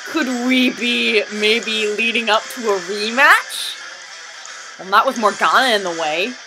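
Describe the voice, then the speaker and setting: A woman giving casual, wry comedic commentary on a fan video, chatty and prone to excited outbursts. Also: a little high, a little slow, low-quality recording. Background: music from the video playing underneath.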